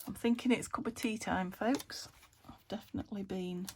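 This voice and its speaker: A woman's voice: mid-range voice, fairly even intonation, normal speed, slight background noise. A British woman chatting to herself while crafting, thinking aloud and often dropping into a whisper. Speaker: craft vlogger. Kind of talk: casual narration while crafting.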